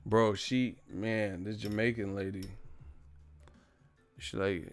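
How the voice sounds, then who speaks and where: Young male streamer, gravelly voice, loose profane comic storytelling, dry close mic. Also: fairly low pitch, normal speed, no room sound, soft background music. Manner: profane, storytelling, reads chat names, laughs loudly. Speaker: livestream host. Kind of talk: casual comedic rant.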